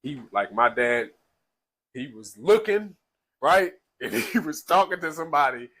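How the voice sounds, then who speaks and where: A man tells a raw personal story in loose, slangy talk, often restarting his sentences. His voice is husky and tearful, with a bright edge to it. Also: fairly high pitch, animated, measured pace, poor audio. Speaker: speaker sharing his life story.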